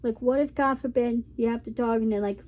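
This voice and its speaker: A young woman with a fairly high, mellow voice chats loosely through her reaction video. She keeps circling back with fillers and half-finished thoughts. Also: fairly even intonation, brisk. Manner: rambling, filler-heavy chat. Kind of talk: casual reaction commentary.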